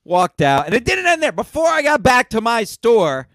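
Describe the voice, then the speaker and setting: A man's voice: very high-pitched, very animated, moderate pace. A young man co-hosting a casual call-in show, telling a profane, ranting story. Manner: ranting, profane, builds to shouting. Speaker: podcast co-host.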